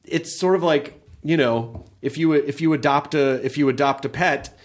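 Animated man with a higher voice. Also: moderate pace. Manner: animated, laughs often, trails off and restarts. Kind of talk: casual conversation.

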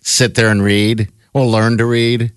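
A man hosting a morning radio show, taking calls and teasing his co-hosts in quick, casual banter. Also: fairly low pitch, clear, resonant tone, no echo, clean studio sound. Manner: lively, teasing, quick reactions.

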